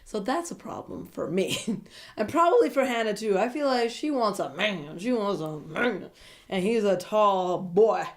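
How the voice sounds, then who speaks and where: A woman recapping a reality dating show in a casual, chatty way, animated and gossipy, often breaking into giggles. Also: medium pitch, measured pace.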